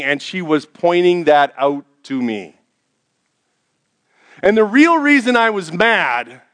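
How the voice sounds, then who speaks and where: A middle-aged man preaching a sermon to a congregation in a church, telling personal stories and dropping his voice low for quoted thoughts. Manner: storytelling, drops to a hushed low voice for quoted thoughts. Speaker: pastor.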